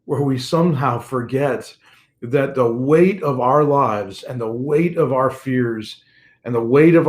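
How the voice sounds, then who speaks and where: An older man, a pastor and grandfather, giving an earnest devotional message with a personal touch and repeating key phrases for emphasis. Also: medium pitch.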